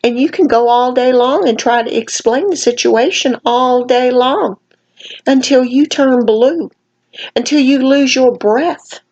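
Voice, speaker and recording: Commenting on another channel's content, a weary woman vlogger delivers a folksy, emphatic rant, her words slightly slurred and sprinkled with "honey" and "baby." She has a high, darkish voice, speaks a little slowly, and the recording is lo-fi.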